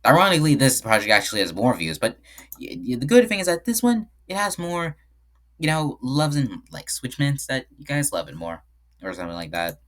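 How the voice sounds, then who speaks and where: A man's voice: medium pitch, sing-song, brisk, fairly bright tone. A man giving casual screen-share commentary on his own game, rambling and often correcting himself mid-sentence. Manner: rambling, frequent self-corrections. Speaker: game developer.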